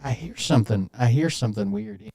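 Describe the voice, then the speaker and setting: A man's voice: on the low side, lively intonation, fairly quick, dark tone. A man hosting a casual live stream, muttering to himself as he troubleshoots his microphone. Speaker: stream host. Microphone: studio mic through a podcast mixer.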